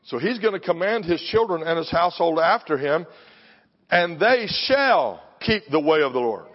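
A man's voice: fairly high pitch, very animated, normal speed. An older man preaching a sermon in a punchy, confrontational style, pressing the congregation with questions. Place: church sanctuary. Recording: dull sound with long hall reverb.

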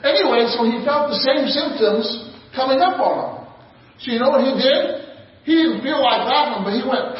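High-pitched guy preaching, laughing and shouting, heard from far off in an echoey church. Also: moderate pace. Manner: call-and-response preaching, laughing, rising to shouts. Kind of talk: sermon. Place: large church hall. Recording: echoey hall from far off, dull sound.

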